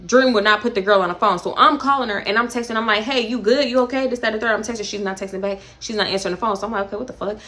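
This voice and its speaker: A young woman with a Houston accent telling a casual storytime, animated and swinging between hushed and exclaiming. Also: medium pitch, very fast, hardly any pauses. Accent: Houston, Texas. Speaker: storytime vlogger.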